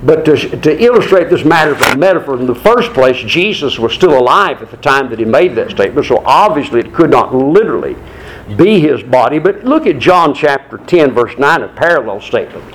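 A man preaching a sermon in an earnest, deliberate way, with slow, dramatic pauses. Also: mid-range voice, sing-song, poor audio.

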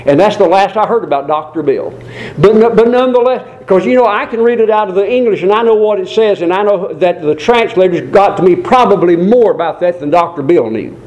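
Guy with a pretty high voice preaching, chatty asides, leans hard on the big words. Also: a little mellow, lo-fi sound. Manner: folksy, digressive, with asides and small jokes. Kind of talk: sermon.

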